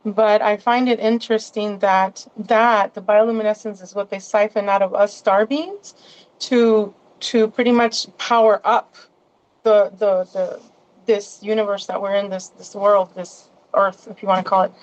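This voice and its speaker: A woman's voice: mid-range voice, fairly even intonation, measured pace, muffled recording. A woman as a guest in a casual interview, rambling along with many restarts and asides.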